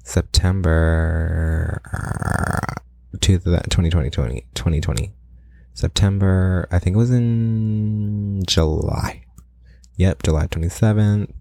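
A man's voice: low voice, takes it slowly, vocal fry, long pauses, mellow. A young man hosting a solo podcast in a casual, rambling way, playfully boastful and full of dramatic asides. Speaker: podcast host.

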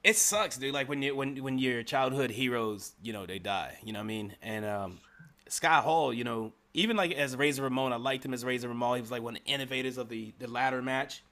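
A man hosting a casual talk show, relaxed and conversational with plenty of fillers. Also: mid-range voice, brisk. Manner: relaxed, conversational, lots of you know. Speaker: host.

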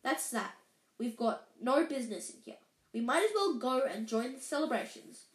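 Woman voicing Dumbledore, a calm old wizard. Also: on the high side, moderate pace, lightly acted. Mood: somber. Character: wise old male wizard headmaster, calm. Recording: echoey room.

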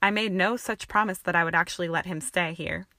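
A woman voicing a stern older Scottish headmistress with a sharp, snapping manner and a Scottish accent. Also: lowish voice, fairly quick, no room sound. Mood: angry.

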